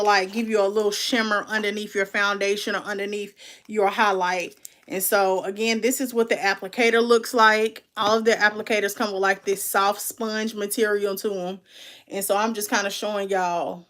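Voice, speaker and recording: A woman's voice: medium pitch, little pitch movement, moderate pace, a bit bright. A woman, chatting casually and candidly as she unboxes and reviews makeup, calling her viewers "baby" and "y'all". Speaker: beauty vlogger.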